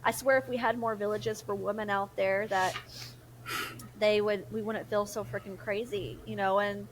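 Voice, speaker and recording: A young woman chats as a podcast co-host, lively and emotional in how she tells her story. Her voice sits at an everyday middle pitch, with a faint hum of room noise behind her. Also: normal speed, poor audio. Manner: animated and emotional, quotes others in lively voices. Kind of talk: casual chat.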